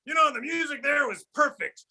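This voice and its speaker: A man voicing a brash puppet comedian who tells holiday puns and shouts his punchlines. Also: extremely high pitch, expressive, brisk, vocal fry, full character voice.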